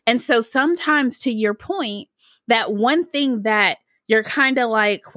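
A woman's voice: fairly high pitch, slow pace, fairly bright tone, no echo, studio quality. A woman from Michigan hosting a podcast interview, chatting casually and drawing on her own stories. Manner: upbeat, reflective, draws on personal stories. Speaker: podcast host.

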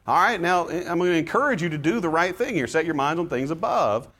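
A man's voice: fairly high pitch, a little fast. A man teaching a Bible study class, explaining passages casually and reading scripture aloud with feeling. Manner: conversational, dramatizes scripture readings with rising intensity; frequent fillers and restarts, relaxed explaining. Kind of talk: classroom lesson.

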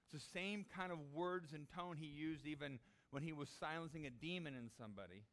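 A man's voice: a little high, a little fast, fairly bright tone. A man preaching a sermon, acting out the disciples' pleas in a raised voice. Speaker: pastor.

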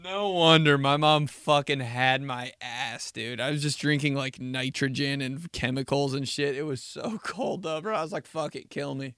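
Young man, podcast host, crisp voice, dry sound, swearing, rambling funny stories. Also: mid-range voice, normal speed, few pauses, a bit bright, no room sound. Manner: profane, rambling, laughs at his own stories. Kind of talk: casual comedic storytelling.

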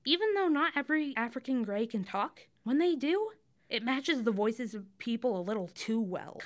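A young woman hosts her podcast in a chatty, tangent-prone way and drops wry asides as she goes. Her voice sits a little high and swoops up and down with lively expression. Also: normal speed. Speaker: podcast host. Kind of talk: casual scripted podcast monologue.

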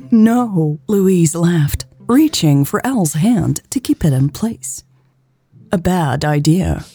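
Low, slow woman reading an audiobook. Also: husky, no echo. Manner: calm, intimate, unhurried reading. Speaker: audiobook narrator. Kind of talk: audiobook narration.

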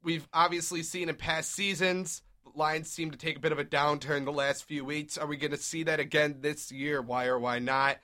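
A young man hosts a casual sports talk show, steering the chat with quick, upbeat recaps of the game. His voice is forceful and bright, sitting a touch high for a man. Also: little pitch movement. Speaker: podcast host.

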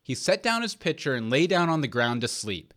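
A man narrating an old fairy tale in a measured, expressive reading. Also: a little high. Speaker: reader. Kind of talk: storybook narration.

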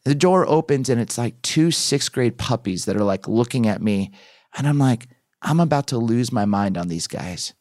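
A man's voice: medium pitch, normal speed, no echo. A man in his thirties, a pastor and author, telling a story as a guest on a podcast. His voice sits in a middle register and is recorded close and dry. He plays out the scenes as he talks. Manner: animated storyteller who acts out his own past lines.

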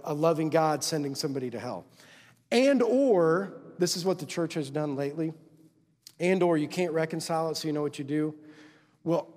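A man's voice: fairly high pitch, a little mellow, in a large hall. A male pastor preaching a sermon in a church, talking conversationally and checking in with the congregation with constant tag questions. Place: church sanctuary.

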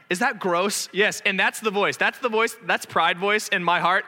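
A man's voice: high-pitched, normal speed, pushed and bright. A man in his thirties preaching a sermon as a pastor, earnest, candid and self-deprecating. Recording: long echoing reverb of a large hall.

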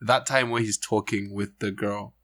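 A man co-hosting a casual film podcast, talking in a relaxed, easygoing way. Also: fairly low pitch, moderate pace. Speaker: podcast co-host. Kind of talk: casual chat.

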